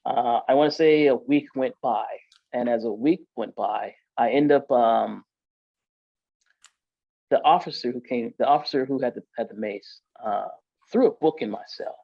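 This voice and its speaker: A man's voice: mid-range voice, moderate pace, creaky, no room sound, dull audio. A man as an interview guest, telling his story in a casual, emphatic way and filling his talk with "like" and "yo". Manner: casual, emphatic, filler-heavy with frequent "like" and "yo". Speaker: podcast guest.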